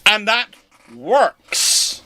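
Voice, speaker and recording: A man's voice: high-pitched, big pitch swings, drawn-out words, sharp tone, a little hiss or hum. A man hosting a live-stream history lecture, explaining in a conversational, digressive way. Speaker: host.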